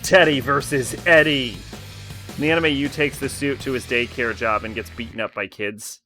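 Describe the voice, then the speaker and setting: A man's voice: mid-range voice, steady tone, moderate pace, sharp tone, soft background music. A man streaming a game, commenting casually in a chatty, joking way and swearing now and then.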